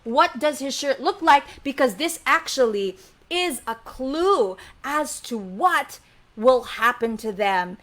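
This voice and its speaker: A woman telling a story live to children, animated and coaxing them to repeat lines. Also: sits high, takes it slowly. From Philippines.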